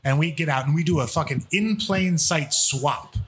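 A man's voice: on the high side, normal speed, a bit bright, a little hiss or hum. A man, a professional wrestler, telling rambling, profanity-laced stories as a podcast guest. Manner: profane, rambling, laid-back storyteller. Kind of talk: casual podcast storytelling.

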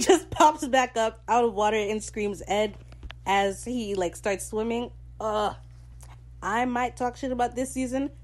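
A young woman hosting a podcast, recapping a TV episode in casual chat, animated and gushing, with sudden excited outbursts and swearing. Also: mid-range voice. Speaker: podcast host.

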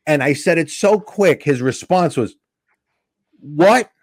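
In clean studio audio without echo, a middle-aged comedian speaks at a moderate pace in a rather high voice. He's telling a story casually on a podcast, bringing it to life by performing voices for its characters.

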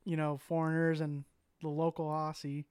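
A man's voice: a little high, monotone, moderate pace, darkish tone, clean tone, no echo, clean studio sound. A man hosting a casual podcast chat and telling a story in a loose, laid-back way with plenty of swearing. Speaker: podcast host.

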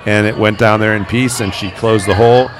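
A man, a paranormal investigator, telling stories in a relaxed interview and acting out the quoted voices. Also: on the low side, a little fast. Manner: animated, acts out quoted voices. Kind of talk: conversational interview storytelling.

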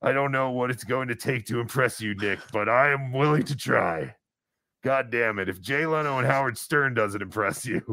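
A man's voice: mid-range voice, normal speed, bright, forceful tone, no room sound. Joking man hosting a live stream. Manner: joking, mock-indignant teasing. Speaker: host of a live comedy talk stream. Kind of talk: casual live-stream chat.

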